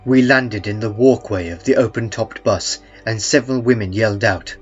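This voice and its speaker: A man reading a first-person horror story in a calm, dry, understated way. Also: on the low side, normal speed. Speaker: narrator. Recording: muffled, with faint music beneath.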